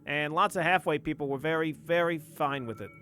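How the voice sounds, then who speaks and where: A man voicing a cheeky, sarcastic male goblin with a raised, lively voice. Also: on the high side, a little hiss or hum. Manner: sarcastic, quick.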